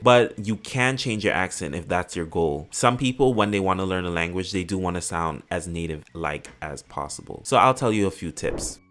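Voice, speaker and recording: A man with a very low, deep voice teaches in an educational explainer video. He talks like an English educator and sets out each idea with an example, step by step. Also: a bit bright. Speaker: English educator and linguistics specialist.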